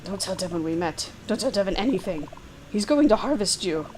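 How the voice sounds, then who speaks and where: A woman's voice: medium pitch, lively intonation, brisk, a little mellow, a little hiss or hum, natural voice, low-quality recording. A woman voicing a wry, conspiratorial young woman, reading an interactive text game aloud.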